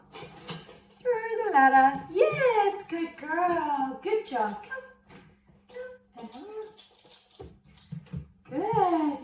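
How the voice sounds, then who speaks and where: High-voiced, slow-talking woman dog trainer. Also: noisy background. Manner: praising, encouraging tone with a dog. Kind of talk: instructional dog training video. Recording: echoey, distant camera sound.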